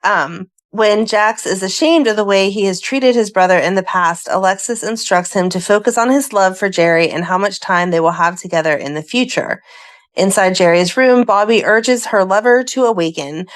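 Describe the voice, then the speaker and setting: A woman's voice: mid-range voice, normal speed. A woman co-hosting a fan podcast, reading plot summaries in a casual chatty way and breaking off into asides. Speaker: podcast co-host. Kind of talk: casual chat and recapping a soap plot.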